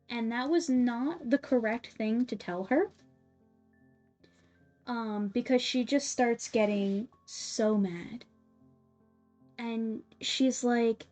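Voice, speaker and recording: Animated, high-voiced woman streamer. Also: slow. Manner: animated, filler-heavy, giggly. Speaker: livestream host. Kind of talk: casual storytelling on a livestream. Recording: slightly dull sound, faint music behind.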